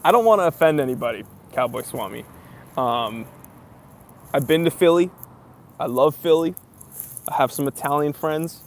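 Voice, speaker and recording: A man's voice: on the high side, expressive, normal speed, long pauses. A young man hosting a casual live stream Q&A, reading viewer comments aloud and chatting with lots of fillers. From near New York.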